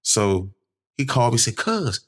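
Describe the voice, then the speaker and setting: A man from DC telling a nightclub story in casual podcast chat, acting out quoted people in a raised, shouting voice. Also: normal speed. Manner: animated storyteller, acts out quotes in a high shouting voice. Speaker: podcast host.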